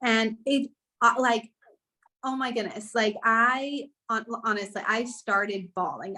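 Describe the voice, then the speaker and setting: A woman's voice: a little high, fairly even intonation, normal speed, bright, forceful tone. A young woman telling her personal story in a casual podcast conversation, earnest and rambling, with many "like" fillers. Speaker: guest sharing her story.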